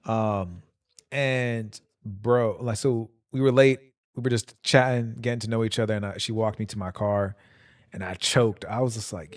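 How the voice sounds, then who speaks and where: A man's voice: mid-range voice, normal speed, no room sound. A young man casually telling long, rambling stories on a stream, with loose slang and frequent laughter. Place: home.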